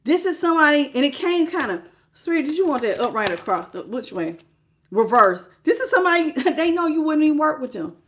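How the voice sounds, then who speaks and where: A woman's voice: sits high, very animated, a little fast, slight background noise. A woman giving a live tarot reading, talking casually and emphatically to her viewers, repeating phrases and laughing often. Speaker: tarot reader.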